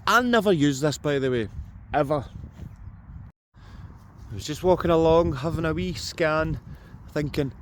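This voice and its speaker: A Scottish man jokes and chats with viewers while metal detecting across open farm fields, in a casual outdoor vlog. His voice sits fairly high, with lively intonation and a slightly slow delivery broken by frequent pauses. There is a faint hiss or hum on the audio.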